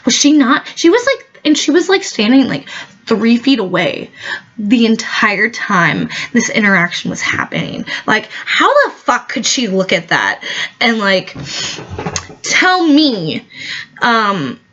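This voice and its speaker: A woman's voice: fairly high pitch, sing-song, slow pace, a bit bright, dull audio. A woman telling a satirical comic story as a monologue. She is whiny and melodramatic, and she fills her speech with "like". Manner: whiny, melodramatic, full of "like" fillers.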